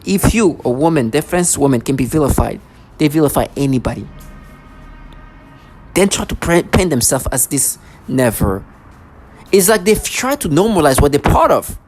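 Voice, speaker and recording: A woman's voice: low-pitched, darkish tone, a little hiss or hum. Woman vlogger, heated rant to camera, sarcastic asides, lots of stumbles and restarts. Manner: agitated, repetitive, stumbling restarts. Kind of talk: ranting monologue to camera.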